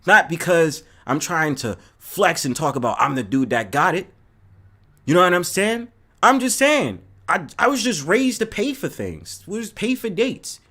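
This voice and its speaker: A man from New City, hosting a live stream and ranting casually to his chat viewers, profane and animated. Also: a little high, unhurried. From New York City. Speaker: host.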